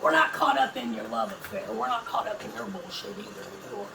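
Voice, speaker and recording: A woman's voice: mid-range voice, expressive, brisk, vocal fry, crowd noise. A woman giving heated religious commentary, ranting emphatically and swearing a lot. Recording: echoey room, distant mic, noisy.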